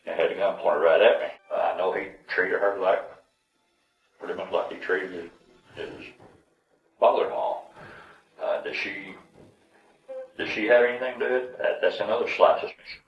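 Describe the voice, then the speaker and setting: Deep man, rambling and suspicious, muffled distant roomy recording. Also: fairly even intonation, normal speed, long pauses. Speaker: interviewee, victim's father. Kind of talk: recorded police interview. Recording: dull, roomy audio from a distance.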